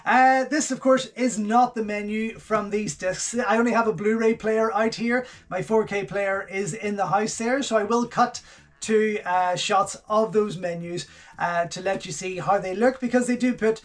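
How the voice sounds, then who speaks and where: A man with a fairly high voice hosts a casual unboxing, talking through each item as he handles it. He gushes with enthusiasm and keeps coming back to the same few words of praise. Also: fairly even intonation, moderate pace. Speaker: channel host reviewing home video releases.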